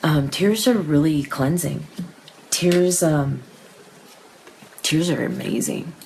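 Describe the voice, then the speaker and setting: A woman with a low, gravelly voice chats to her live audience as a psychic host, emotional and a little tearful, often restarting her sentences. A faint hiss sits under the recording. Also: takes it slowly. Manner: emotional, chatty, with frequent restarts and soft laughs. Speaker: psychic medium hosting a live reading session. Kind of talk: casual live-stream talk to viewers.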